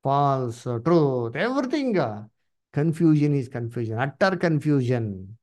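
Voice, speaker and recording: A man preaching at a Bible study, emphatic and repetitive, swinging his pitch up and down. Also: big pitch swings, measured pace, darkish tone. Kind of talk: sermon with Bible reading.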